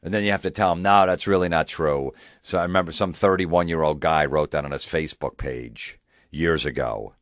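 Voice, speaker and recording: A man's voice: a bass voice, a little fast, fairly bright tone, dry recording, studio quality. A male comedian ranting sarcastically, mocking and swearing. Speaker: comedian host. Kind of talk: comedic rant.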